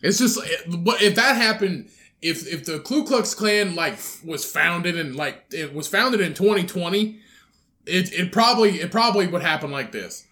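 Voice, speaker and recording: Bright high-voiced young man, sweary podcast chat. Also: animated, normal speed. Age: young adult. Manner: swears a lot, stumbling restarts, laughs hard. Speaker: podcast co-host. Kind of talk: casual chat.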